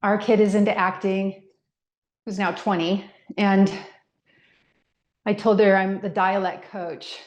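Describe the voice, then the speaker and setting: Woman fitness instructor, middle-aged, mid-pitched voice, talks slowly through movement cues and rep counts; roomy echo. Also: level tone. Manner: counts reps and gives step-by-step movement cues. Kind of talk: guided workout class. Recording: echoey room.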